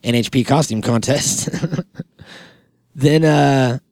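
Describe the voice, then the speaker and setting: A man hosting a podcast, rambling and joking through sponsor reads while high, laughing mid-sentence. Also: slow, vocal fry, darkish tone, no room sound, clean studio sound. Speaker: podcast host. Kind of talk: casual podcast chat reading sponsor spots.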